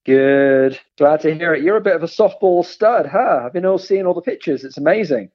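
A man's voice: on the high side, lively intonation, moderate pace, dull audio. A British man joining a podcast as a call-in guest over a headset microphone, friendly and polite. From Britain.

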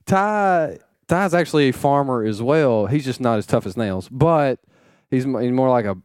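A man's voice: mid-range voice, lively intonation, normal speed, a little mellow, smooth, no echo, studio quality. A man co-hosting a casual chat, teasing his friends and laughing often. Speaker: podcast co-host. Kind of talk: casual banter.

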